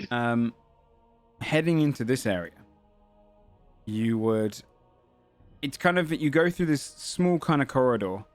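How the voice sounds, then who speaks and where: Guy running a tabletop game, mid voice, lots of uh and restarts, describing gross caves. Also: mid-range voice. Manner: descriptive, with frequent fillers and self-corrections. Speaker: game master.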